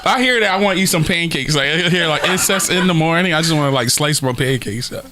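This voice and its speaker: A man's voice: on the high side, lively intonation, quick pace, very noisy. A man, a comedian guest on a podcast, telling casual, profane stories and laughing often.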